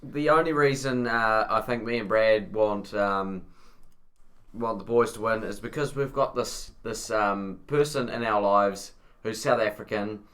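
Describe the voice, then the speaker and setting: A man's voice: on the low side, measured pace, a bit bright. Casual New Zealand man telling rambling stories. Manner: rambling, laughing storyteller. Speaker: fan co-commentator. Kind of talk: casual banter.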